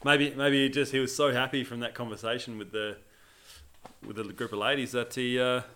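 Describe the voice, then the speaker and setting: A man chatting on a podcast. He talks in long run-on sentences, and his bright voice makes the delivery sound animated. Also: medium pitch, brisk. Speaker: podcast co-host. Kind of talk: casual chat.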